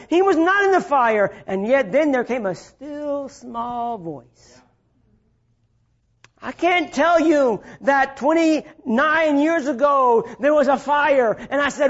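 A man preaching at a very high pitch for a male voice, drawing his words out slowly. He swings between shouted appeals and hushed, low passages. The recording sounds dull and lo-fi. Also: expressive. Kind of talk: sermon.

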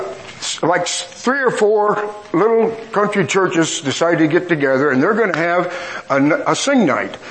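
A middle-aged preacher tells stories from the pulpit in a folksy, self-mocking way. His voice sits a little higher than most men's. Faint background ambience hangs behind him. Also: a little hiss or hum, rough recording. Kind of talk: storytelling sermon.

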